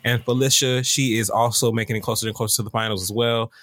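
A man's voice: quick pace, no room sound. Male podcast co-host, casual chatty storyteller, dry close mic. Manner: animated storytelling, jumps high when quoting others. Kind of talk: casual chat.

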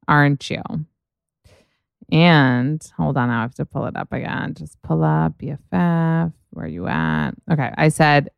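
Young woman podcast host, low smooth voice, swears and says like nonstop, dry close mic. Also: no room sound. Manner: gushing, swears a lot, says "like" often. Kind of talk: casual chat.

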